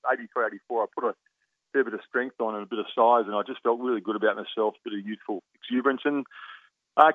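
A middle-aged Australian man, a former footballer, telling lively stories with laughs and restarts in a phone interview. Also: mid-range voice, dry recording. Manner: lively anecdotal, laughs often, halting restarts. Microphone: phone line. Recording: tinny phone line.

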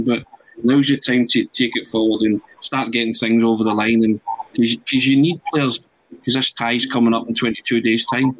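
A man's voice: mid-range voice, rough recording. A man hosting a football podcast, chatting and handing questions to his panelists. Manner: conversational, hands questions to panelists. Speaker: podcast host. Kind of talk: casual football podcast chat.

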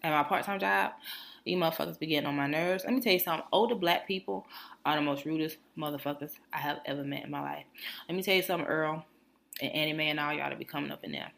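Speaking fast in a low voice with vocal fry, this woman co-hosts a podcast and spins a meandering, foul-mouthed story on a laid-back chat show. She stays animated throughout, imitating the characters she describes.

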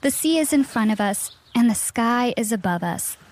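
A woman voicing a teenage girl, a former best friend who speaks softly and calmly in a scripted story. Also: high voice, normal speed. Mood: soothing.

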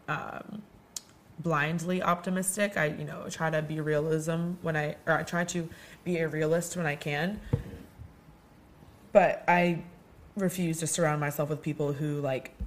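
A woman's voice: low voice, a little hiss or hum. A woman hosting her own podcast who talks in a casual, rambling way, full of "like" and "um", with a sore throat. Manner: chatty, heavy use of "like" and "um". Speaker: podcast host. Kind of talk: casual solo podcast rant.

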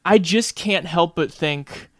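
Higher-voiced man hosting, dry room. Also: slow pace, no room sound. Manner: thoughtful, hedging, talks things through. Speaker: podcast host. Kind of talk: casual chat.

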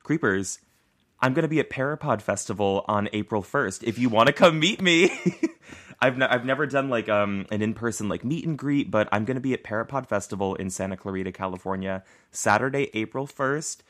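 Young male podcast co-host, lowish voice, chatty, laughs a lot. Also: brisk. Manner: chatty, laughs often, animated asides. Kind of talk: casual chat.

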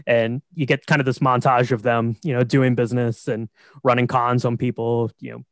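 Steady, explanatory man on a podcast. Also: medium pitch, normal speed, dry recording. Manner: steady, explanatory, checks in with "right?". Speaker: podcast co-host. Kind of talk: casual chat recapping a film.

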